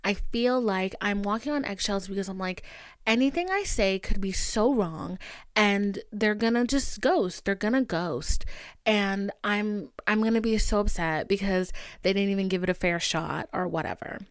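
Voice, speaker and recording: A young woman hosting a podcast in casual chat, animated and swearing freely as she acts out conversations. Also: mid-range voice, moderate pace, smooth, no echo, studio quality. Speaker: podcast host.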